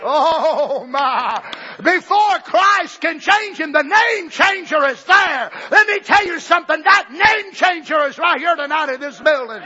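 A male preacher, shouting a fiery revival sermon to a church service and acting out the voices he quotes. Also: very high-pitched, expressive, a little slow. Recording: dull lo-fi church tape.

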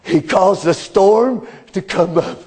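Male preacher with a high-pitched voice, delivering a fervent sermon that swings from loud cries to hushed lows. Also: slow pace, slightly rough.

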